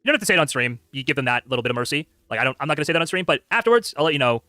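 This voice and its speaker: Fast-talking animated male streamer. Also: fairly high pitch, dry recording, studio quality. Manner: rapid, animated, frequent filler words. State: tired from a long stream. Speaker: streamer reacting to clips. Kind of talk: casual live-stream commentary.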